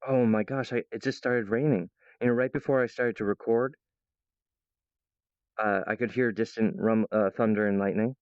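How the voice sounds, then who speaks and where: A man's voice: fairly low pitch, fairly even intonation, normal speed, darkish tone, smooth, no echo, muffled recording. A man vlogging at home in a meandering, playful monologue full of restarts, stray thoughts and silly voices. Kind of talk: rambling casual monologue to camera. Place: at home, in the kitchen.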